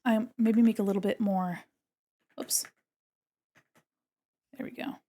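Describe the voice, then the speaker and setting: A woman's voice: mid-range voice, steady tone, slow pace, mellow. A woman livestreaming while she draws, chatting playfully and talking through each step of her work. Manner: chatty, narrates her own actions, playful. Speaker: livestreaming artist. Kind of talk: casual chat while drawing.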